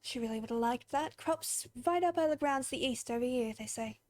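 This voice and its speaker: A woman's voice: high-pitched, fairly quick, darkish tone, natural voice. A woman voicing a poor rustic child in a video game, speaking in a folksy drawl. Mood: wistful. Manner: folksy drawl, plain-spoken.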